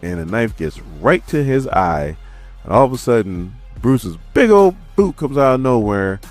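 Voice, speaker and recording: A man's voice: mid-range voice, very animated, normal speed, a little mellow, soft background music. A man casually recapping a comic issue, laid-back and slangy as he tells the story. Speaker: comic book reviewer.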